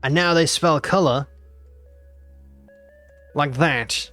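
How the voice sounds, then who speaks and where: Young man, 19, game streamer, teasing casual chat, slightly high voice, faint music behind. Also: slow, fairly bright tone. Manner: playful and teasing, repeats himself.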